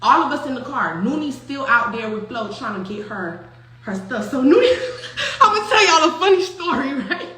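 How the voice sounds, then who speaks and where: Animated high-voiced woman telling a story. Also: fairly quick, very echoey, a little hiss or hum. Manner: animated, profane, laughs often, acts out quotes. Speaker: storyteller recounting a personal story. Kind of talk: casual storytime chat.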